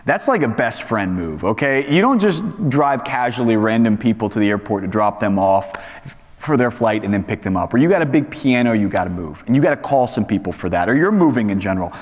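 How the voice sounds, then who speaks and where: A man teaching a Bible study, reading scripture and praying, then explaining it in an animated way, acting out the voices in his examples. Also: on the low side, brisk. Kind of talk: sermon. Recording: hall reverb.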